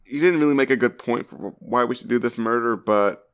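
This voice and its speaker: A man's voice: mid-range voice, a little fast, fairly bright tone, clean tone. A man co-hosting a comedy TV podcast, speaking hesitantly with stammers and wry asides. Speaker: podcast co-host. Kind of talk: casual comedic chat.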